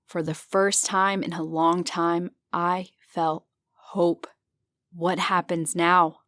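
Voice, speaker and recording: A woman reads a horror audiobook in a measured, descriptive first-person style. Her voice sits on the low side, close to the mic with no room sound at all. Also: little pitch movement, a bit bright, no echo. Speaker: audiobook narrator. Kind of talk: scripted narration.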